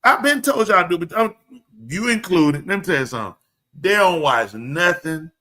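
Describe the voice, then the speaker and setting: A man talks animatedly on a live show, pressing every point hard. His voice is bright and sits a little high. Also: moderate pace. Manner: animated, emphatic storyteller. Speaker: show host. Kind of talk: live show casual talk.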